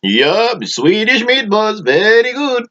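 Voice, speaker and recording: A man voicing an excitable male audience member who gushes in a high sing-song voice. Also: takes it slowly, full character voice. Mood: gushing. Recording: dull lo-fi audio, faint hiss.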